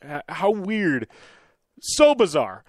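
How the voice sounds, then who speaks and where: A man's voice: a little high, wildly swooping pitch, takes it slowly, no room sound. Chatty male radio host, dry sound. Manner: rambling, many fillers and restarts. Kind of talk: casual radio chat and storytelling.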